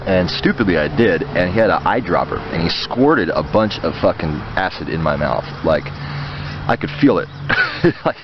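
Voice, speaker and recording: A man tells a laid-back, profane story in a fairly low voice. The recording is dull and lo-fi, made outdoors with loud traffic running behind him. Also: animated, moderate pace. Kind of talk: casual story telling.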